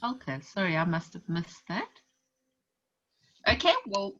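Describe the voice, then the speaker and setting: A woman moderator briskly hands the floor to the next guest. Her voice has a sharp, bright edge. The video-call audio sounds dull and muffled. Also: medium pitch, expressive, a little hiss or hum.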